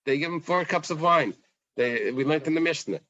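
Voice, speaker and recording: A man leads a casual Talmud class, talking it through in a lively, conversational way and voicing the text's questions. The recording is dry and a little muffled. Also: a little high, normal speed, dry recording. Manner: conversational, animated, acts out the Gemara's questions. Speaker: Talmud teacher.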